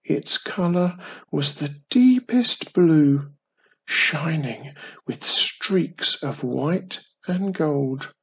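Slow, gravelly storybook reader. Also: mid-range voice, lively intonation, fairly bright tone. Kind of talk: storybook reading.

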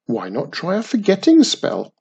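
A man voicing a cheery, curious young girl witch in a high, eager voice. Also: wildly swooping pitch, normal speed, vocal fry, warm tone, husky, muffled recording, exaggerated voice.

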